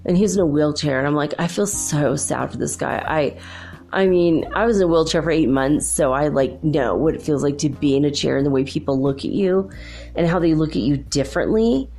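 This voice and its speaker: A woman's voice: deep voice, brisk, dark tone, faint music behind. A woman with children talking casually and at length, rambling with many fillers and restarts, laughing often as she tells personal stories. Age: adult with children. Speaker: host.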